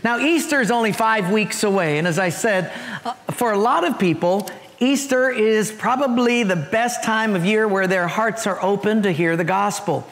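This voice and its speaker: A man's voice: high voice, normal speed, in a large hall. A male pastor preaching a sermon to his church, telling humorous stories and acting out their voices. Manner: animated storytelling with acted voices and humor. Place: church sanctuary.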